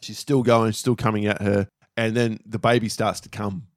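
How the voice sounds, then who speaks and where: A man co-hosting a casual podcast chat, a steady, detailed storyteller recounting film scenes. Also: lowish voice, normal speed, no room sound, clean studio sound. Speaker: podcast co-host.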